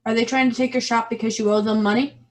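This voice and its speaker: A woman's voice: fairly high pitch, fairly even intonation, fast. A woman playing in a tabletop game, asking direct, persistent questions in character. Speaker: player.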